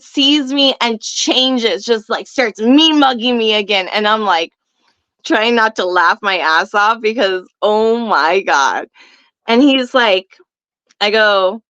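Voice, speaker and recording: A young woman tells a story in casual chat, brash and profane, laughing often. Her voice sits fairly high, and the recording is dry and a little dull. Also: a bit bright, clear, resonant tone, no room sound. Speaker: guest.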